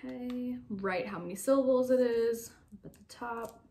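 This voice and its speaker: A young woman teacher giving slow, clear, step-by-step instructions in a phonics lesson for young children. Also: a little high, dark tone.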